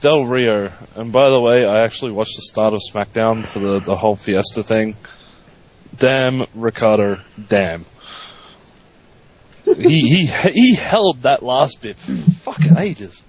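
Man, husky voice, joking podcast co-host, lo-fi sound. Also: mid-range voice, slow. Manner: joking and chatty. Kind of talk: casual wrestling podcast chat. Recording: dull lo-fi audio.

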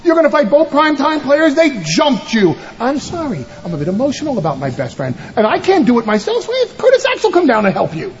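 Brief: a man doing a fast-talking, fawning wrestling manager, high and lively voice, dull played-back broadcast audio. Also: full character voice. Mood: pleading. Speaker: wrestling manager in a backstage segment. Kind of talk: scripted televised wrestling promo.

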